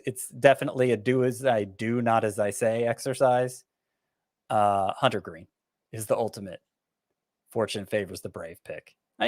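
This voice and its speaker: Man, podcast chat, wry and self-mocking, medium pitch, dry close sound. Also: no echo. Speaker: fantasy baseball analyst.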